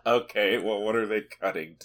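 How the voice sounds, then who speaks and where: A man's voice: lowish voice, moderate pace, fairly bright tone. A man co-hosting a podcast who jokes around and laughs often in casual chat. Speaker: podcast co-host.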